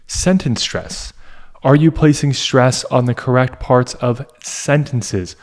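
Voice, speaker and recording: A man tutoring for an English exam, talking unhurriedly and leaving pauses between points. His voice sits at an ordinary middle pitch. He explains each term with a steady, teacherly manner. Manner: slow, deliberate, teacherly with pauses. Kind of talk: explanatory lesson.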